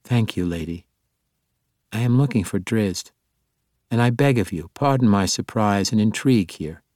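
A man's voice: on the low side, expressive, normal speed, darkish tone, dry recording, studio quality, lightly acted. A man voicing an earnest, exuberant male monk who speaks formally and courteously in an audiobook.

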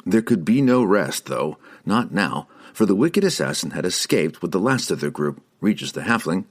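A man reading a fantasy novel aloud as an audiobook, measured and expressive. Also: low voice. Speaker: audiobook reader. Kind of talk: scripted fantasy novel narration.

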